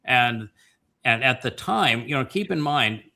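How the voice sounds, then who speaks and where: A man hosting a family Bible-study talk show, retelling scripture in an impassioned way, with many pauses and fillers. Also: medium pitch, animated, gravelly, bright, forceful tone. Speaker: host.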